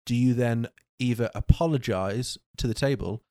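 A man's voice: medium pitch, moderate pace, dark tone, dry recording, clean studio sound. A man co-hosting a casual podcast, rambling through stories and acting out quotes. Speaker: podcast co-host. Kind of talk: casual chat.

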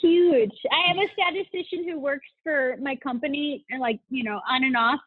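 Heard over a tinny line that sounds like a phone, a high-pitched woman talks at a normal pace without echo. She's a podcast guest in a relaxed interview, full of enthusiasm, gushing and laughing frequently.

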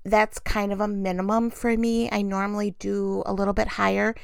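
A middle-aged woman chatting casually to camera at home, telling a story with frequent laughs and animated delivery. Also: medium pitch, normal speed, gravelly, clear, resonant tone, no echo. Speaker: vlogger.

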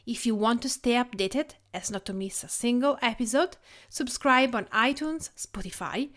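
A woman in her forties from Tuscany with an Italian accent, hosting a podcast and chatting with fillers. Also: a little high. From Tuscany, Italy. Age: 40s. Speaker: podcast host. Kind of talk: podcast chat.

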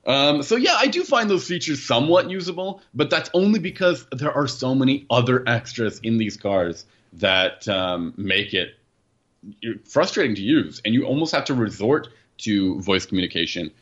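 A man chats casually about a car he reviewed. His voice is bright and forward, and he rambles and backtracks mid-sentence. The recording sounds dull and lo-fi. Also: medium pitch, expressive, normal speed. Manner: rambling, self-correcting, laughs at own jokes. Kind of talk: casual podcast chat. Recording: muffled, lo-fi audio.

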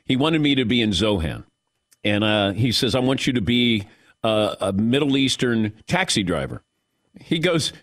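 Man, sports radio host, lively pitch, dry close mic, middle-aged, storytelling. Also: no room sound. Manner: storytelling, animated, quick asides.

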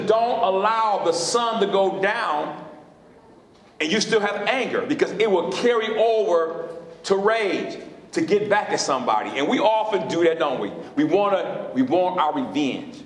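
A man preaching a sermon as pastor, questioning his congregation in call-and-response style from a church sanctuary. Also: sits high. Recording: echoey hall.

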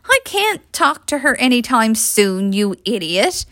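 A woman's voice: a little high, very animated, a little slow, pushed and bright, dry recording, clean studio sound, heavily acted. A woman reading the lines of a flustered, defensive young man in a storybook. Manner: sputtering, defensive.

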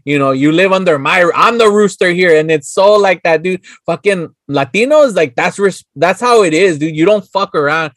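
A man's voice: sits high, normal speed, hardly any pauses, no echo. A man, chatting casually as podcast co-host, swearing freely and slipping into Spanish. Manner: profane, animated, code-switches into Spanish. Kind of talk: casual chat.

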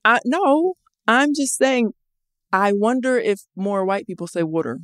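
A woman co-hosting a podcast in casual chat, animated, laughing often and repeating herself. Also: on the high side, unhurried, no echo, studio quality. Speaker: podcast co-host.

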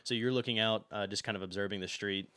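Bright-voiced young man narrating a game. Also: lowish voice, fast talker, clear, resonant tone, no echo. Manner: relaxed, filler-heavy narration. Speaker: game master.

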